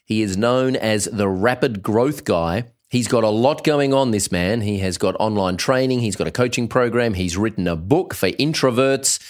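A man's voice: lowish voice, normal speed, few pauses. Upbeat Australian male podcast host. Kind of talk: podcast interview.

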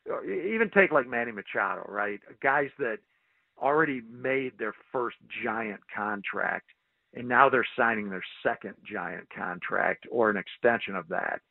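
A man's voice: mid-range voice, unhurried, gravelly, dry recording. Guy on a phone line, tinny and dry, rambling with lots of "you know"s. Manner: rambling, heavy on fillers and restarts. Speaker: guest sportswriter. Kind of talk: casual phone interview. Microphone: phone call.

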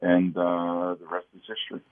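A man's voice: sits low, completely flat delivery, normal speed, smooth, narrow, tinny audio. A man calling in as a guest, a security consultant, talking about his career in an easygoing way. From Kansas City. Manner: easygoing, brief agreeing replies. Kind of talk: casual interview chat.

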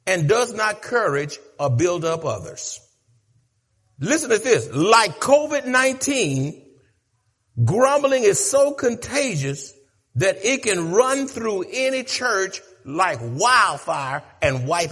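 A male pastor delivers a sermon, his high voice leaping widely in pitch. He talks slowly, with a bright, husky tone, and repeats key lines for emphasis, dropping low and then rising to shouts.

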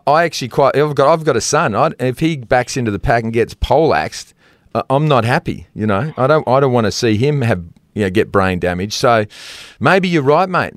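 An Australian man in his fifties sits in as a sports podcast co-host, spinning anecdotes at a chatty, meandering clip. He chuckles often as he talks, at an ordinary middle pitch. The sound is dry and close, with no room around it. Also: no echo. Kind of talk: casual sports chat.

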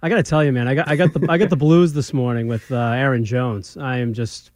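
A man's voice: medium pitch, steady tone, a little fast, a little mellow, dry recording. A middle-aged man with a Boston accent co-hosting a sports radio show, chatty and self-mocking. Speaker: radio co-host. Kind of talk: casual sports radio chat. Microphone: studio microphone.

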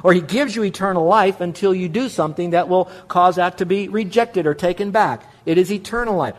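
A male pastor preaches in a voice set a little higher than most men's. He drives his points home with repetition. He poses questions and then answers them himself. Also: fairly quick, hardly any pauses. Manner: emphatic, repeats key words, asks and answers his own questions. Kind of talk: sermon.

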